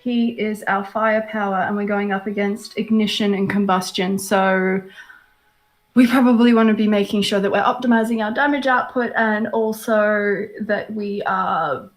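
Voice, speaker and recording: A woman's voice: medium pitch, steady tone, normal speed. Earnest woman player planning tactics. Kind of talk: tabletop game banter.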